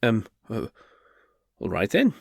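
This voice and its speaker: A man's voice: on the low side, wildly swooping pitch, slow, vocal fry, darkish tone, no room sound, studio quality, exaggerated voice. A man voicing a flustered male bard turned reluctant duke, who stammers and hesitates nervously.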